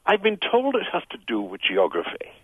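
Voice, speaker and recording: An older man from Ireland with a soft Irish accent, smoothed by years in London, speaking as a radio guest in a reflective, musical way. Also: a little high, wildly swooping pitch, a little fast, phone-quality sound, a crowd in the background. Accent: Irish, Tipperary, smoothed by years in London. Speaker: radio show guest, writer. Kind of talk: relaxed radio conversation.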